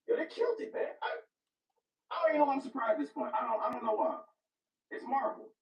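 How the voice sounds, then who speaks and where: A man's voice: very high voice, big pitch swings, fast talker, vocal fry. A man reviewing a movie in casual chat, hyped and profane, repeating himself for emphasis. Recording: echoey room, distant dull mic.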